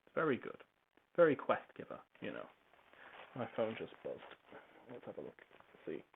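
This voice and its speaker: A man's voice: lowish voice, gravelly, breathy edge. A man in casual, rambling chat at home, swearing freely and wandering off topic as he tidies up. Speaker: podcaster. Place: home, tidying a child's toys. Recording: tinny phone-like recording with faint hiss.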